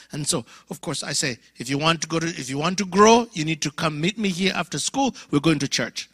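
Animated, gravelly African preacher in his fifties. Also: fairly high pitch, brisk, hardly any pauses, dry recording, studio quality. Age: 50s. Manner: animated, acts out dialogue, drops to whispers. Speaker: guest preacher. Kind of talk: storytelling sermon. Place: church conference.

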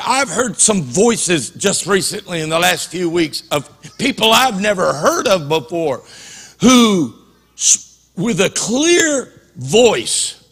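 A man's voice: sits high, a bit bright, big-room sound. A man preaching a passionate sermon as a pastor in a church, often repeating and restarting his words.

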